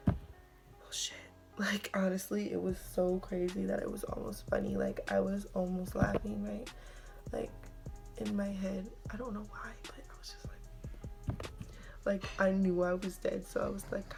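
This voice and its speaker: Chatty young woman with a gravelly voice. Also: medium pitch. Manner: chatty, many "like" fillers, drops to whispers. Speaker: vlogger. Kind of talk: casual storytime.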